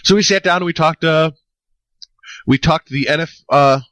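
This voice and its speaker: A man's voice: on the high side, moderate pace, fairly bright tone, dry recording. A young man co-hosting a podcast in casual chat, rambling, swearing and joking. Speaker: podcast co-host.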